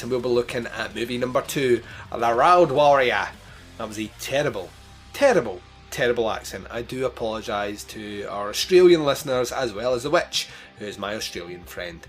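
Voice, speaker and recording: A man hosting a podcast, chatting casually through his outro and rattling off where to find the show. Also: medium pitch. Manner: chatty, rambling plugs. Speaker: podcast host.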